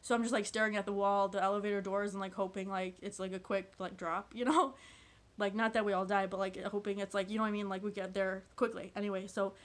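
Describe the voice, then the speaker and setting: A woman's voice: medium pitch, flat delivery, fast. Rambling woman telling comic stories. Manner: meandering, constant filler "like", laughs often. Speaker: vlogger. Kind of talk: rambling comedic monologue.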